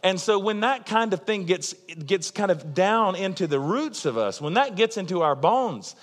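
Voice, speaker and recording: Male pastor, mid-high voice, emphatic and conversational sermon delivery, long hall reverb. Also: animated, moderate pace. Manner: earnest, emphatic, conversational preaching with frequent asides.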